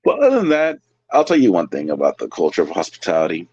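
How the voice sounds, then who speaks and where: A man's voice: low voice, huge pitch swings, quick pace, a little mellow, breathy edge, no room sound. A man from California, a waiter, telling loose, profane stories in a casual interview. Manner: profane, loose anecdotal storytelling. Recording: dry, slightly muffled.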